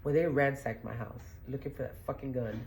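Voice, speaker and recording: A woman's voice: extremely low pitch, fairly even intonation, fairly quick, a little mellow, slight background noise. A middle-aged woman hosting a podcast, telling stories in a blunt, profane, rambling way and laughing as she goes. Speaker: podcast host. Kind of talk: casual storytelling monologue.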